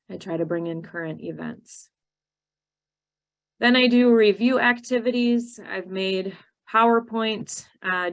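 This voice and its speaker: A woman with a Minnesotan accent, giving a teacher training session and explaining her methods, slowing down to stress key words. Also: lowish voice, rough recording.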